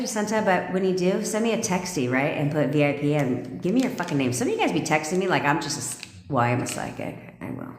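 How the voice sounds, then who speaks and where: This woman's voice sits lowish and has a fairly bright tone. She's a manifestation coach streaming live, commanding and foul-mouthed in a brash way, pausing to read out comments from viewers, all captured in an echoey space with a long reverb tail.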